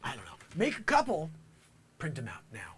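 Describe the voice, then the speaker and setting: A man's voice: on the high side, wildly swooping pitch, moderate pace, a bit bright, a little hiss or hum. A man improvising a comedic monologue as a self-styled time traveler, rambling with conspiratorial asides. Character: self-proclaimed man from the future, boastful.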